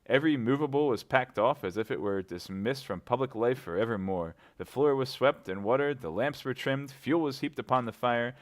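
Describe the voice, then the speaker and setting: A man reading a classic novel aloud in a relaxed, amused, animated way. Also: lowish voice. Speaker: reader.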